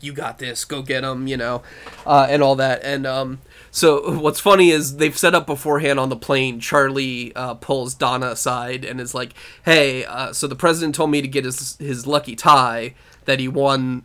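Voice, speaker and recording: A man's voice: mid-range voice, a bit bright. A man co-hosting a podcast, chatting casually about a TV episode, swearing, laughing often and acting out characters' lines. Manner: profane, laughing, acts out quotes. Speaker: podcast co-host. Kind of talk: casual recap chat.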